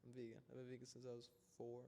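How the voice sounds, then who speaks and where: A young man from Florida hosting a casual podcast and telling a story in an animated, vivid way. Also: mid-range voice, very fast. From Florida, United States. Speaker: podcast host. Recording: reverberant room with faint noise.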